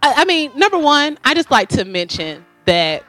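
A woman co-hosting a podcast, telling a profane story with lively acted-out quotes. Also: high voice, moderate pace, soft background music. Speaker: podcast co-host. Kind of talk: casual storytelling chat.

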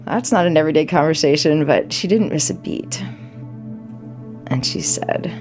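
A woman's voice: lowish voice, brisk, creaky, music in the background. A middle-aged woman telling a personal story, emotional and vivid, quoting herself as she goes. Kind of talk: personal story told to an audience.

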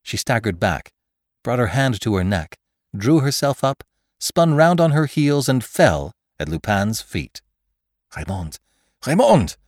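A man narrating a classic adventure story in an expressive, dramatic audiobook style. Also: mid-range voice, unhurried, dry recording, studio quality.

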